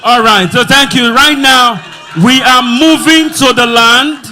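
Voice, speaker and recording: A man with a Nigerian accent hosting a live event, loud and joking with the crowd. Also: very high-pitched, a little slow, a little hiss or hum. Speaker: event host. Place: conference hall with music and crowd.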